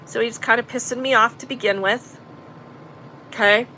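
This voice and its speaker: A woman's voice: a little high, fairly even intonation, normal speed, sharp tone, a little hiss or hum, poor audio. A woman telling a story in casual talk to her live chat, blunt and profane. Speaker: vlogger recounting an arrest.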